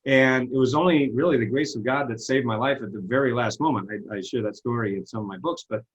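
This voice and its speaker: A man's voice: mid-range voice, fast talker, breathy edge, lo-fi sound. A man telling stories in a casual interview, earnest and self-deprecating, over a video call. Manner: earnest storytelling, self-deprecating, animated retellings. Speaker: interview guest, success coach.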